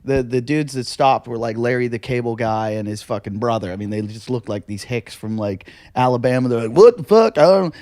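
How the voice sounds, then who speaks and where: A man's voice: mid-range voice, steady tone, fairly quick, few pauses, a little mellow, dry recording, studio quality. A male comedian telling rambling stories on a podcast, swearing freely, laughing often and acting out the people he quotes. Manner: swears a lot, acts out quoted voices. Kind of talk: casual storytelling chat.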